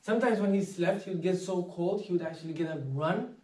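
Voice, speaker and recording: A man giving an inspirational talk, telling anecdotes in a casual, animated way and acting out the voices of people in his stories. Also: high voice, quick pace, crowd noise. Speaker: speaker. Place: meditation centre hall. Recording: echoey hall, voice from far off.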